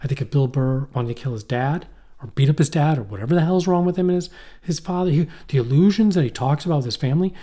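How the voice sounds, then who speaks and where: A man co-hosting a podcast, rambling and animated in casual chat. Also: a little high, fast. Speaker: podcast co-host.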